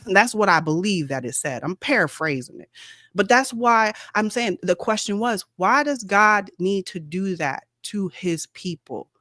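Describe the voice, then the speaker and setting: A woman's voice: mid-range voice, lively intonation, unhurried, sharp tone, no echo, clean studio sound. A woman in a casual faith discussion, insistent and questioning, holding the floor to press her point.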